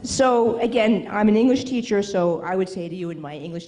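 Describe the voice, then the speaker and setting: Emphatic woman writing coach, mellow voice. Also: mid-range voice, expressive, rough recording. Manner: emphatic, teasing, quick asides asking "okay?". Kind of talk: motivational talk to a live audience. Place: event hall with an audience.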